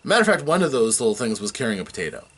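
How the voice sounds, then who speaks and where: Animated man recapping a tabletop game. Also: medium pitch, very fast, slight background noise. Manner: animated storytelling with chuckles and restarts. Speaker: dungeon master recapping a session. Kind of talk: casual campaign recap.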